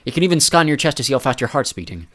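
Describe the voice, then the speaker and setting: An arrogant teenage boy genius, crisp and superior in every word, performed by a man narrating an audiobook. He is pitched up slightly and speaks with careful precision. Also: big pitch swings, very fast, a bit bright. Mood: cool, haughty. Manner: precise, haughty.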